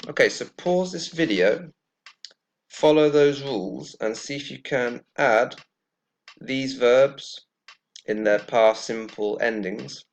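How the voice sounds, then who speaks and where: A man gives a pronunciation lesson, talking at an unhurried, measured pace. His voice has a gravelly, creaky edge, and he repeats each example word carefully so it can be heard clearly. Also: medium pitch. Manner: slow and deliberate, repeating words carefully. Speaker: English teacher.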